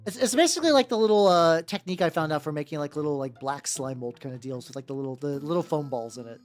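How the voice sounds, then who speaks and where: Chatty streamer painting minis, cussing and rambling, mid pitch, soft music behind. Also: lively intonation, quick pace. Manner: rambling, profane, chatty with viewers. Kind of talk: casual livestream chat. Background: faint background music.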